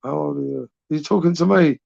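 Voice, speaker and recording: A man's voice: fairly high pitch, fast, vocal fry, a little mellow, no echo. Bloke in his 40s doing a late night live, rambly and sweary, dry muffled mic. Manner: rambling, sweary, matey banter. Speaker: live stream host reading chat. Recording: dry, dull lo-fi stream audio.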